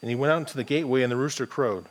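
A man's voice: mid-range voice, rapid-fire. A man with a plain American accent, a pastor preaching a morning sermon in a conversational, thinking-aloud way with frequent restarts. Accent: General American.

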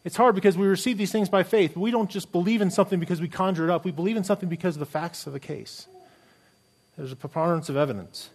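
Higher-voiced man preaching earnestly. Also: fast talker, a little mellow. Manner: earnest, emphatic preaching with rhetorical questions. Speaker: pastor. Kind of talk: sermon.

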